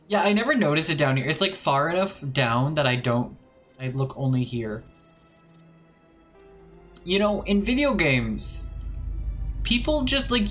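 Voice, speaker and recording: Over faint background music, a man with a higher, fairly bright voice streams a video game live. His chat is casual and playful, and he hums small filler sounds while weighing his next move.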